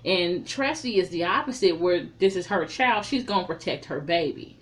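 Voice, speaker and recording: A woman's voice: lowish voice, normal speed. Woman reviewer, blunt, swears freely, chatty recap with strong opinions. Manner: profane, blunt, animated storytelling. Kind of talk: casual recap and commentary.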